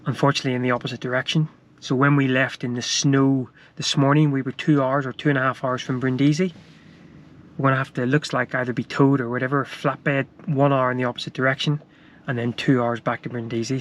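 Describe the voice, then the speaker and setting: A man vlogging from a van stuck by the roadside, middle-pitched and easygoing. He teases his partner and cracks jokes, chuckling as he goes, with a faint background hiss. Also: flat delivery, brisk, a bit bright. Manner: jokey, teasing, chuckles often. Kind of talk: casual travel vlog chat. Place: stopped van beside a road.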